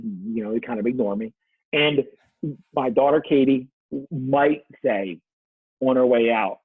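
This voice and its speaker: رجل بصوت أجش عبر خط هاتفي رفيع. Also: male voice, medium pitch, moderate pace, husky, no room sound. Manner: reflective storyteller who acts out quoted voices. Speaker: guest, leadership coach. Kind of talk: casual podcast conversation. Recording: dry, tinny phone-like line.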